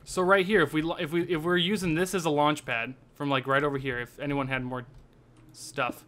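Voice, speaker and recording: A young man hosting a multiplayer game session, stammering and rambling as he plans out loud. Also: a little high, flat delivery, fairly quick. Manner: stammering, thinks aloud while planning. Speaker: let's play host. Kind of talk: casual gaming chat.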